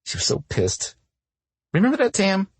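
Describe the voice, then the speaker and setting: A man's voice: medium pitch, wildly swooping pitch, moderate pace, slightly rough, no echo, voice pushed up, heavily acted. A man voicing a bold, blunt young woman roommate who teases her friend, in a romance audiobook. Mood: teasing. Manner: brash, blunt, playful.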